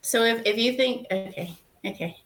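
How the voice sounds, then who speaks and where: A woman co-hosting a podcast, bantering quickly with firm opinions. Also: fairly high pitch, a bit bright. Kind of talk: casual chat.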